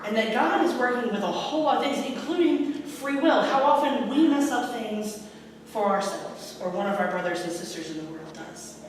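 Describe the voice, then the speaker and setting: A woman pastor giving a sermon in an animated way, acting out the scripture quotes and laughing often. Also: fairly high pitch, moderate pace, slight background noise. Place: church sanctuary. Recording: echoey church hall from far off.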